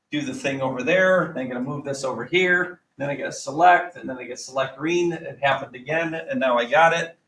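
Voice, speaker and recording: A man teaching a math lesson to a class, quizzing students with quick repeated questions. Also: on the high side, fairly bright tone. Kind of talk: classroom lecture. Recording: echoey classroom, mic at a distance.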